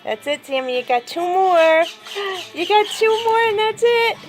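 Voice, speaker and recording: A woman with a high, swooping voice coaxes her pets in sing-song baby talk. She speaks slowly and patiently. Soft music plays faintly behind her. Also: lively intonation. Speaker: pet owner and vlogger. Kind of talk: casual pet vlog.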